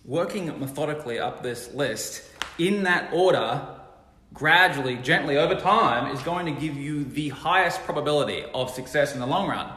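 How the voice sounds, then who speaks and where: A man's voice: on the high side, animated, normal speed, pushed and bright, big-room sound. A man giving a casual mini money lesson for his social media stories, blunt and emphatic, swearing freely. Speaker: entrepreneur teaching money lessons.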